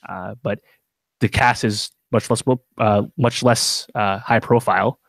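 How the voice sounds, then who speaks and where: Low-voiced rambling podcast co-host, dry sound. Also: male voice, fairly even intonation, unhurried, no room sound. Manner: rambling, many fillers and restarts. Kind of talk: casual chat.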